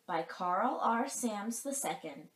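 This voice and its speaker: A woman reading a children's picture book aloud in a gentle, expressive storytelling voice. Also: medium pitch, takes it slowly, reverberant, slight background noise, poor audio. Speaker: storybook reader.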